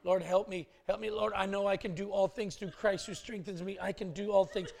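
A man's voice: sits high, fairly even intonation, fairly quick, creaky, a little mellow, slight background noise. A man voicing his frightened seven-year-old son, who pleads in a whiny, clingy way. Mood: desperate praying. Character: frightened little boy, about seven, pleading.

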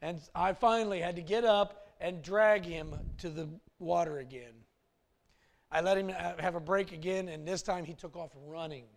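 A male pastor telling a personal story in a sermon, animated and swinging from hushed asides to loud bursts. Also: high voice, normal speed, creaky.

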